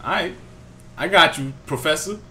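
A man's voice: mid-range voice, expressive, unhurried, a bit bright, slight background noise. A young man casually commenting on his gameplay in a laid-back, slangy way. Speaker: let's play host.

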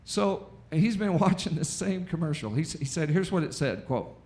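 Energetic American preacher, higher-pitched man. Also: moderate pace. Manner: preaching with call-and-response and acted-out quotes. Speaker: pastor. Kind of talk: lively sermon. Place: church auditorium.

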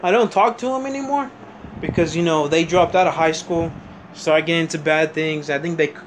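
A man's voice: on the high side, a little fast, a little hiss or hum. A young man vlogging, telling a story about his childhood in a rambling, casual way, restarting sentences and swearing now and then.

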